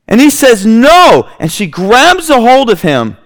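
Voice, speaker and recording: A man delivers a sermon, telling the story with lively animation. His voice sits high and swings widely in pitch, full of expression. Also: moderate pace. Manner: animated storytelling, acting out scenes with kids. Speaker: preacher.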